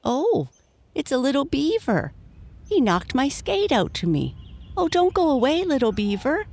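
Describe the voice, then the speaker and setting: A woman voicing an excited little girl in a bedtime storybook, speaking high and eager. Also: measured pace, slightly rough, no echo, heavily acted.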